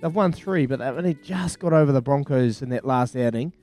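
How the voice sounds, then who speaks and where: Upbeat Kiwi breakfast radio host. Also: male voice, mid-range voice, fairly quick, warm tone, soft background music. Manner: upbeat, enthusiastic, hesitant when thinking. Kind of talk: sports talk radio. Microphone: studio mic.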